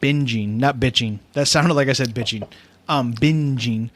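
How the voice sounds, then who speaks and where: A man's voice: medium pitch, moderate pace, fairly bright tone. A man with a Midwestern accent co-hosting a casual podcast, rambling and correcting himself after a few drinks. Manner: rambling, self-correcting, tipsy banter. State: tipsy from wine. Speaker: podcast co-host. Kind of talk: casual chat. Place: home room. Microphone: close podcast mic.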